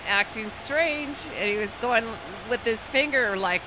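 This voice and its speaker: A woman flight attendant telling a story from a night flight in a drawn-out way. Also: fairly high pitch. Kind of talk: casual storytelling. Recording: noisy background.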